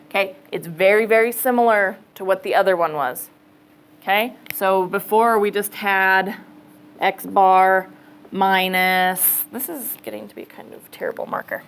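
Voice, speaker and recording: A woman's voice: mid-range voice, a little hiss or hum, poor audio. A woman math teacher giving a casual classroom lecture, thinking aloud and checking in with students. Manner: casual, chatty, thinks aloud, says okay often.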